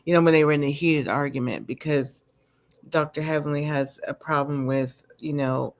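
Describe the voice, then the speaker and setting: A woman's voice: deep voice, fairly even intonation, moderate pace. A woman vlogger casually recapping a reality show at home, rambling with lots of "you know" and "um" fillers and giving candid opinions. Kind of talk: casual chatty recap commentary. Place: home with a dog nearby.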